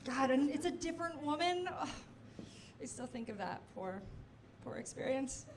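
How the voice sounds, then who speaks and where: A woman doing a stand-up comedy set in a club, chatting quickly with the crowd in quick asides. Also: high-pitched, expressive. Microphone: handheld stage mic. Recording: noisy live club recording.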